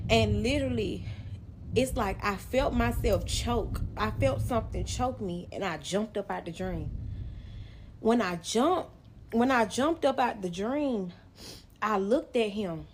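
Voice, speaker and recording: A young woman vlogger telling a personal story straight to camera, animated and emotional, speaking directly to her viewers. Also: medium pitch, a little hiss or hum. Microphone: phone or camera facing the speaker.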